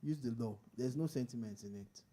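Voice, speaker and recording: A man's voice: mid-range voice, brisk, warm tone. A man, co-hosting a radio show and giving playful, dramatic football commentary. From Nigeria. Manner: playful, dramatic, pidgin-tinged turns of phrase. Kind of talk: casual radio banter and sports commentary.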